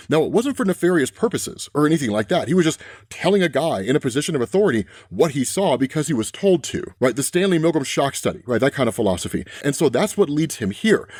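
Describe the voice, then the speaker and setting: A man's voice: on the high side, a little mellow, breathy edge, no room sound, studio quality. A man giving a casual, conversational comic book recap and often tossing in rhetorical questions. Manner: conversational, frequent rhetorical "right?".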